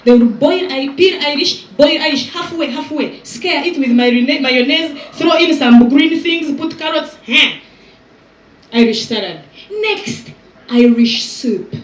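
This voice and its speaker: A woman in her thirties doing live stand-up crowd work as event host, teasing and exaggerating in an animated way. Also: high voice, a little slow, a little hiss or hum. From Uganda. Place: outdoor resort event with audience. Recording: echoey venue sound from far off.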